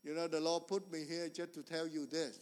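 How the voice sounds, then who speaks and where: A man preaching a sermon in earnest, repetitive, non-standard English, swinging between loud emphasis and quiet storytelling. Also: on the high side, flat delivery, fairly quick, clean tone. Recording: long reverb of a large hall.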